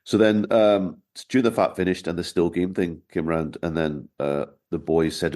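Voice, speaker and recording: A man's voice: deep voice, fairly even intonation, brisk, hardly any pauses, dark tone. A middle-aged man, a podcast guest telling wry anecdotes in casual interview chat. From Scotland, raised in Glasgow.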